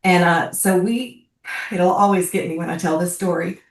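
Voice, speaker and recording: A woman in her sixties telling a personal story on a video call, heartfelt and halting, her voice climbing high when moved. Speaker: guest speaker, bereaved military mother. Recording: roomy, distant from the mic.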